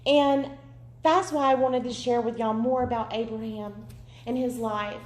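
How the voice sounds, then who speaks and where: A woman in her thirties gives an emotional, earnest sermon testimony. Her voice sits high. The sound carries the echo of a large room. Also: fairly even intonation, a little slow. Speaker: preacher. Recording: echoey room.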